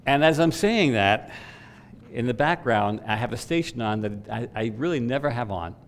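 A man preaching a sermon, swelling to loud emphatic peaks and dropping to quiet asides. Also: medium pitch, expressive, normal speed, slight background noise. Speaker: pastor.

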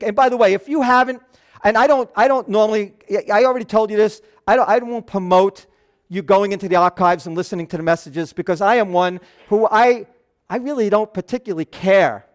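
Pastor, man, higher-pitched nasal voice, earnest chatty sermon delivery. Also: fairly quick. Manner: earnest, loose asides and restarts. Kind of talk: conversational sermon.

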